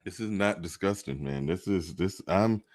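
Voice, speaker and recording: A man hosting a livestream, reacting to a clip in a halting way, laughing often and repeating words. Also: sits low. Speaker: livestream host. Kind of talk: casual livestream commentary.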